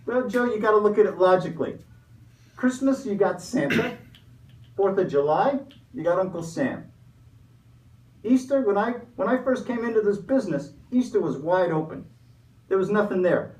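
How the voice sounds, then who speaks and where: A man voicing a gruff, money-minded Easter Bunny who wisecracks and talks pushy, in a comedy sketch. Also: sits high, expressive, normal speed, a little mellow. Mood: greedy. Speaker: comic interviewee. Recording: roomy, far from mic.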